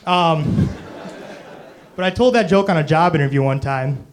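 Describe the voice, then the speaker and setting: A young man, with a fairly high voice for a man, performs a rambling stand-up set in a small club. He tells his stories with a self-deprecating, loose delivery packed with fillers. A faint room hiss sits under the live recording. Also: unhurried. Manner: rambling, self-deprecating, full of "you know" and "um". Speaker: stand-up comedian.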